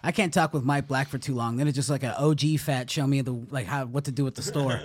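A man's voice: mid-range voice, fairly even intonation, fast talker, slightly rough. A man cracking crude, brash jokes in a casual comedy chat. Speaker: podcast guest.

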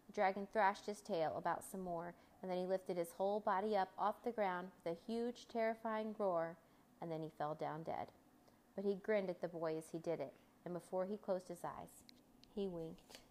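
A woman narrating a children's storybook as a scripted reading, expressive and lively, lifting her voice when the story's crowds cheer. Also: mid-range voice.

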